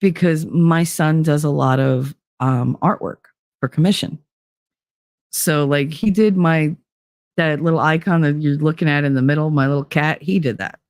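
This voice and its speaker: A woman in her forties hosting a show, telling personal stories casually and acting out the quotes with big jumps in pitch. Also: fairly even intonation, normal speed, a little mellow, no echo, studio quality. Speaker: podcast host. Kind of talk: casual storytelling monologue.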